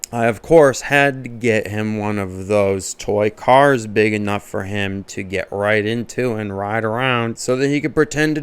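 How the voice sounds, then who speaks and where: A man's voice: medium pitch, clean tone. A man, a comedian, telling a comic story as a monologue and laughing often at his own jokes.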